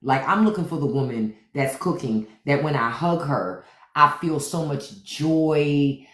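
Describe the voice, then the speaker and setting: In an echoey room, a podcast host from Washington, D.C. riffs animatedly through casual livestream chat, swearing freely. His voice is a little high and his delivery unhurried.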